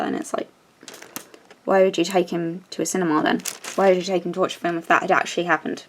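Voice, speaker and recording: A woman's voice: fairly low pitch, flat delivery, fast talker, a little hiss or hum. A young woman chatting casually while she crafts, telling a story with lots of fillers and restarts. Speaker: crafting vlogger.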